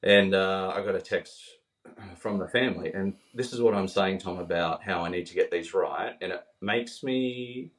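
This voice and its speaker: A man's voice: low voice, moderate pace. Earnest man, distant and roomy. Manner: earnest, heartfelt, quoting others as he tells stories. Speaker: podcast guest. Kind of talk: emotional storytelling in conversation.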